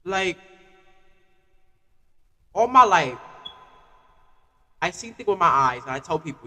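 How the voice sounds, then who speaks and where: Man on a live stream, casual rant, higher pitch, forceful. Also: takes it slowly, long pauses, long reverb tail. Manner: animated, repetitive "like" fillers. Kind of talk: casual ranting monologue.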